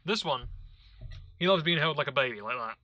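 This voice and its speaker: A man's voice: a little high, animated, a little fast, bright, forceful tone, no echo, lo-fi sound. A young man giving casual let's-play commentary at home, swearing, mocking himself and yelping and groaning at the game. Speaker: gaming video creator. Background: video game music and sounds.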